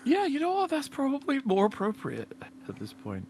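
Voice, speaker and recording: A man's voice: extremely high pitch, wildly swooping pitch, moderate pace, a little mellow, a little hiss or hum. A man rambling and swearing in a casual chat while he plays a game and drinks with a friend, laughing often. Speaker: co-host and game player.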